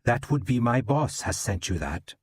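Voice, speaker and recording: A man's voice: mid-range voice, very animated, moderate pace, darkish tone, slightly rough, no echo, voice pushed up. A man voicing a sardonic Welsh police inspector with a Welsh accent, dry and teasing. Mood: wary.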